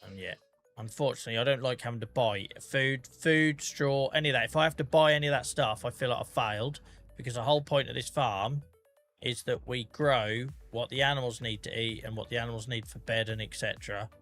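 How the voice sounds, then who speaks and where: A man's voice: medium pitch, fairly quick, fairly bright tone. A man with a Norfolk accent casually chatting through a farming game stream, chatty and self-deprecating, muttering to himself as he plays. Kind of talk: casual gameplay commentary. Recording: faint music in the background.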